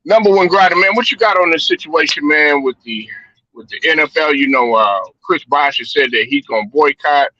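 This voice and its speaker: A man's voice: fairly high pitch, brisk, sharp tone, no room sound. A man hosting a casual sports chat show, rambling loosely and swearing freely. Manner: loose, profane, rambling storytelling. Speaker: podcast host. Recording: dull lo-fi stream audio.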